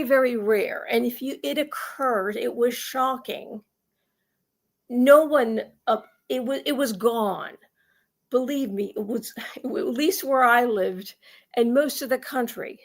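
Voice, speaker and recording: Woman vlogger, casual opinion monologue, slightly high voice, emphatic and rambling, lots of restarts. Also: vocal fry. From United States. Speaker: commentary vlogger.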